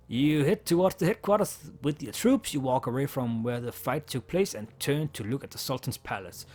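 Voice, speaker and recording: A man's voice: medium pitch, animated, moderate pace, few pauses, a little mellow. A man, not a native English speaker, reading game text aloud and chatting casually in a let's play, with a slightly sore throat.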